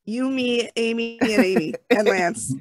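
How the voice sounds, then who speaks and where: A woman's voice: on the high side, unhurried. A woman co-hosting an interview podcast, chatty and encouraging toward the guest. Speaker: podcast co-host.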